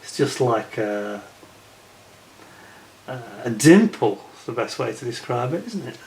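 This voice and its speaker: A man's voice: mid-range voice, very animated, a little slow, a little mellow. A man casually reviewing a model kit as he unboxes it, chatting and muttering asides to himself. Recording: echoey room with faint noise.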